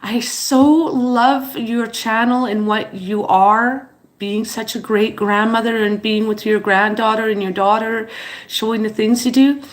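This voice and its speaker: A teary woman, chatting slowly and haltingly on her livestream, with many fillers and apologies. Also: on the high side, fairly even intonation. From Montreal, Canada. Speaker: channel host on a livestream. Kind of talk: casual livestream chat, reading viewer comments.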